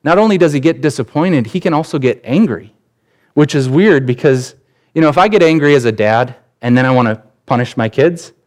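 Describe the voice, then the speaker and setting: Conversational man preaching a sermon. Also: fairly high pitch. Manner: conversational, personal anecdotes, frequent restarts. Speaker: pastor.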